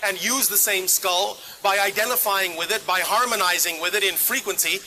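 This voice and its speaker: A man's voice: sits high, normal speed, bright, forceful tone, faint music behind, poor audio. A man speaking as a channeled otherworldly male entity, answering questions in clipped, emphatic, probing sentences. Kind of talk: live channeling session Q&A.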